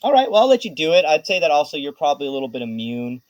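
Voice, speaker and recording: A man's voice: a little high, very animated, very fast, dry recording, dull audio. A man running a tabletop game as game master, talking hesitantly with many restarts.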